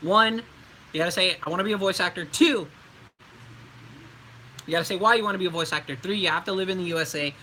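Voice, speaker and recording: A man's voice: high voice, quick pace, pauses often, sharp tone, a little hiss or hum, rough recording. A young adult man, a voice actor, giving casual livestream tips in a chatty, loose way, with many fillers and restarts.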